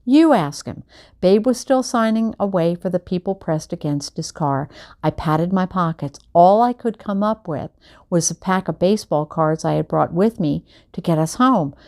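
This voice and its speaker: A woman reading a children's novel aloud at home, chatting between chapters and giving the characters animated voices. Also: lowish voice, moderate pace. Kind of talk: casual read-aloud of a book. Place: home at night.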